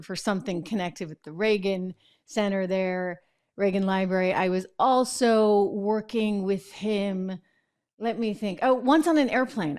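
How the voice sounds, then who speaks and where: A middle-aged woman host chatting and telling a story in casual commentary. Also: mid-range voice. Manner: chatty storytelling with fillers and laughs.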